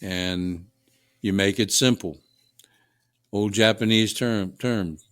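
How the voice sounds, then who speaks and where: A man's voice: fairly low pitch, steady tone, takes it slowly, a bit bright, no echo, studio quality. A man with a New Orleans accent, a guest telling folksy, rambling stories at home. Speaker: guest, HVAC contractor. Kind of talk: casual storytelling. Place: home dining room.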